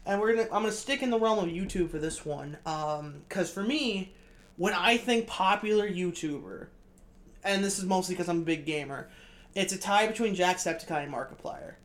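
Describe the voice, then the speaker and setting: Male podcast co-host with a high, girlish-sounding voice; rambling, self-mocking, foul-mouthed. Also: normal speed, fairly bright tone. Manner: rambling, self-deprecating, swears freely. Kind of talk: casual podcast chat.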